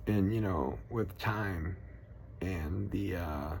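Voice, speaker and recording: A man in his forties with a deep, low voice, ranting angrily and swearing often. He rambles from one grievance to the next. There is a faint background hiss. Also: slow, vocal fry, a little mellow. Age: 40s. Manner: angry, profane, rambling. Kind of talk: ranting monologue.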